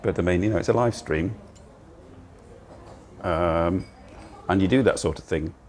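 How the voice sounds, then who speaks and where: An older livestream host sits in a cozy indoor cafe, eating and chatting in a wandering way. He has a deep, slightly mellow voice at a measured pace. The phone-on-gimbal recording carries a little hiss or hum.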